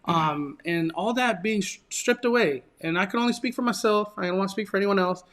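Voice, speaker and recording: A man with a notably high speaking voice hosts his own channel. He tells his story in a casual, earnest and emotional way, often restarting his sentences. He is from Southern California. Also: a little fast, fairly bright tone. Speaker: channel host.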